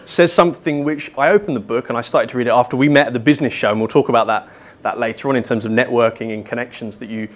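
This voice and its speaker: A man's voice: medium pitch, steady tone, fast. A man moderating a panel Q&A at a business event, upbeat and casual, with frequent fillers. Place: large hall at a business event.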